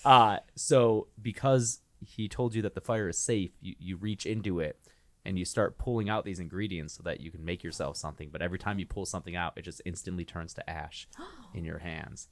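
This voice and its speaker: A man's voice: deep voice, brisk, dry recording. A man improvising a story on a podcast in an easygoing way, with lots of fillers and chuckles.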